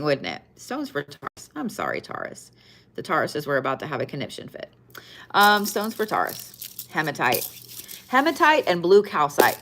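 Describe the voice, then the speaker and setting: This zodiac and tarot reader sounds pushed and bright at a medium pitch, with a slight hiss or hum on the audio. Yawning and tired, she delivers a casual weekly card reading bluntly, swearing a lot and repeating phrases to stress them.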